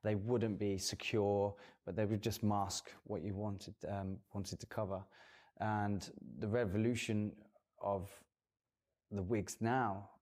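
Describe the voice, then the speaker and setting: A man's voice: lowish voice, flat delivery, takes it slowly, a little mellow. A man who works as a hairdresser, giving a guest interview in a casual chat and explaining earnestly at length with fillers. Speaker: guest hairdresser and salon owner.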